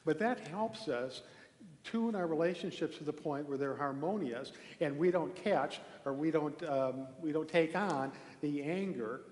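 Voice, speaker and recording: A man giving a relaxed, conversational sermon from a temple hall, telling a story with pauses and restarts. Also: fairly high pitch. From Norway. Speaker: minister giving a talk. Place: large echoey temple hall. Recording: echoey hall with long reverb.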